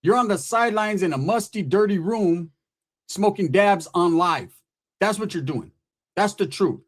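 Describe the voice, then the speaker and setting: High-voiced man roasting a rival. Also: moderate pace. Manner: profane, taunting, street slang. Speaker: channel host. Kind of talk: mocking roast rant to camera.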